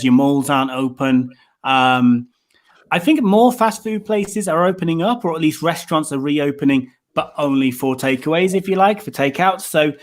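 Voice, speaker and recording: A chatty Englishman with a mild Midlands accent, his voice sitting a little high for a man. He rambles along casually, looping back with fillers and restarts, like a guest talking on a podcast call. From England, near Coventry. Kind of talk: casual chat.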